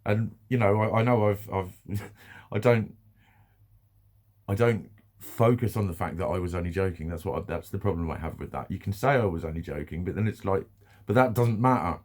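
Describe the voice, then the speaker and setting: A man's voice: sits low, moderate pace, a little mellow. A British man ranting bluntly in a casual vlog monologue, swearing freely, repeating himself and laughing now and then. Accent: British English. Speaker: vlogger.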